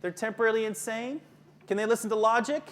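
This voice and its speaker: A middle-aged counselor runs a live workshop for teachers, joking around, staying conversational, and frequently asking the audience questions. His voice sits high and a bit bright, and he talks fast.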